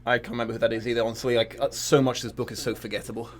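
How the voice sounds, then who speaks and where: A man's voice: mid-range voice, flat delivery, rapid-fire, a little hiss or hum. A man making wry, sarcastic comments as a guest during a comedic book reading. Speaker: guest co-host.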